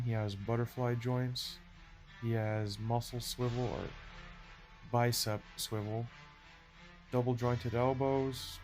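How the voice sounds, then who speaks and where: A man's voice: mid-range voice, darkish tone. A man with a plugged nose and a nasal voice, chatting casually through a toy review video. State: stuffy nose.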